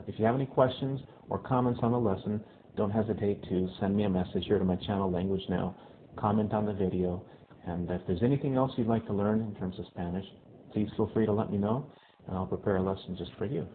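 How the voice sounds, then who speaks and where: A male Spanish teacher giving a casual video lesson who often checks in with "okay?" and repeats phrases slowly. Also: fairly low pitch. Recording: tinny phone-like lo-fi audio with faint hiss.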